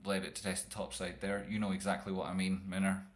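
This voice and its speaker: A man's voice: deep voice, little pitch movement, fast. A man streaming live chart analysis, rambling and jokey with some profanity. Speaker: trading streamer.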